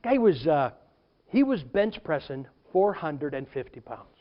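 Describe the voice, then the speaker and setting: A man's voice: a little high, a little slow, dull audio. A man preaching a sermon as a pastor, telling stories and acting out what people said. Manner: animated storytelling preacher, acts out quotes.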